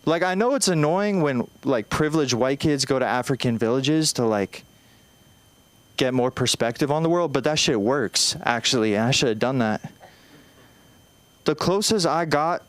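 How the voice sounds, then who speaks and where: In his twenties, a young man performs an open-mic stand-up set on a small club stage, his mid-range voice expressive and his pace moderate. He comes across anxious and self-deprecating, rambling and restarting often, with no room sound in the recording.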